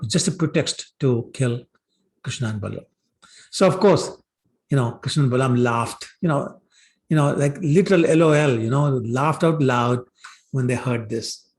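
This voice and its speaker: This scripture class is taught by a man whose mid-range voice is a little mellow and moderately paced. He narrates casually, leaning on fillers like "you know," and slips into the voices of the characters.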